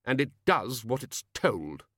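A man voicing a blustering older male wizard head who talks loud and hearty. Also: medium pitch, very animated, takes it slowly, dry recording, studio quality, heavily acted.

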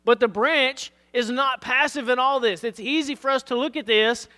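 Pastor, male, hoarse, earnest sermon delivery, bright tone in a reverberant sanctuary. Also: extremely high pitch, normal speed. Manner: earnest preaching, reads scripture aloud, asks "All right?". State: losing his voice.

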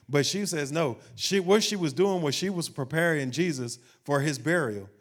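A man's voice: on the high side, moderate pace, hardly any pauses. A man pastor preaching a sermon, building to emphatic, rising peaks and asking the congregation questions.

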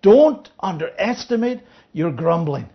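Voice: medium pitch, a little slow, vocal fry. A Bible teacher leading an interactive study, checking in with listeners and acting out the parable's speakers. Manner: checks in with listeners, asking "Yeah?"; acts out the parable's speakers in lively voices. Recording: dull lo-fi recording.

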